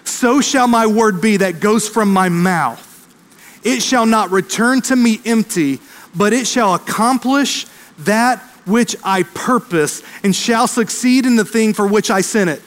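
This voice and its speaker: High-voiced preacher in a reverberant hall. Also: male voice, a bit bright. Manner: fervent preaching, quickening and slowing for emphasis. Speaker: pastor. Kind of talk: sermon. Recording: long reverb of a large hall.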